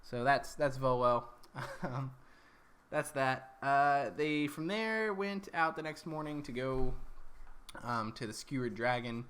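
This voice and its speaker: A man's voice: medium pitch, expressive, slow pace, fairly bright tone, smooth. A man recapping his tabletop campaign as dungeon master, rambling along with lots of ums and corrections.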